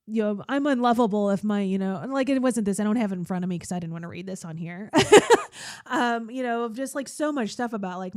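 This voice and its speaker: A woman's voice: medium pitch, a little mellow, no room sound, clean studio sound. A woman hosting her own podcast, talking candidly and chattily about her therapy, laughing often and tearful at times. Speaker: podcast host. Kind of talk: personal solo podcast talk.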